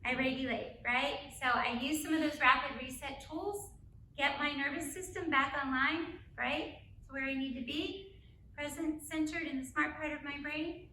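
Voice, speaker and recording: Bright, high-voiced woman speaking in an echoey hall. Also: moderate pace, a little hiss or hum. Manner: energetic, keeps checking in with "right?". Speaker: parenting speaker. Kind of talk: live talk to an audience. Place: school auditorium. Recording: echoey room, mic from a distance.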